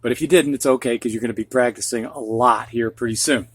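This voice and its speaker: A middle-aged man with a Midwestern accent of the Ohio or Michigan kind teaches phonics, patiently saying every word twice. Though a fast talker, he uses a mid-range voice that sounds slightly rough.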